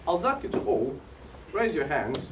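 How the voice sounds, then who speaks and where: A young man with a Bulgarian accent giving an energetic, motivational seminar talk in a hotel function room, recorded from afar. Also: on the high side, normal speed, distant mic. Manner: energetic, rallying the audience. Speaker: seminar co-presenter. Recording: echoey dull room recording with noise from afar.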